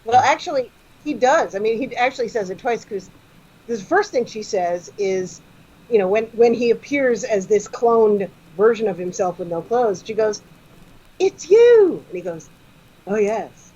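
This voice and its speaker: A woman's voice: mid-range voice, normal speed, a little mellow, breathy edge. A woman guesting on a comedy podcast, chatting eagerly and explaining fan trivia. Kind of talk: casual podcast chat. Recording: dull lo-fi sound with faint noise.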